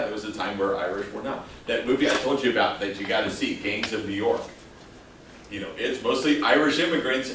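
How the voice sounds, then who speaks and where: A man's voice: fairly low pitch, pushed and bright, distant mic, a little hiss or hum. A man lecturing a class in a casual, joking way, throwing questions out to the students. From El Paso, Texas. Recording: echoey classroom taped from afar.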